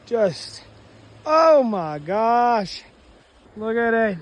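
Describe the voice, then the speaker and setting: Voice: mid-range voice, very animated, very slow. A hiker from Washington state talks to the camera while walking a mountain trail. The hiker rambles and often breaks into awestruck exclamations. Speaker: long-distance hiker. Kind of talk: walking trail vlog, thinking aloud.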